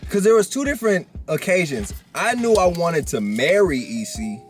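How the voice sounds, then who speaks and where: A young man vlogging from a parked car, talking in a relaxed, rambling way with plenty of slang. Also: high voice, moderate pace, soft background music. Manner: laid-back, rambling, slangy. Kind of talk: casual chat.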